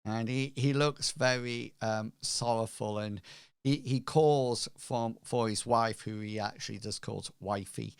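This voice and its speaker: A man narrating as game master of a tabletop game, halting with many ums. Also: medium pitch, clear, resonant tone, dry recording, studio quality.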